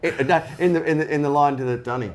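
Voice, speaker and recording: A man's voice: a little high, fast talker. A middle-aged Australian man, a guest telling stories with frequent laughs and eager restarts. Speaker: interview guest. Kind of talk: casual storytelling.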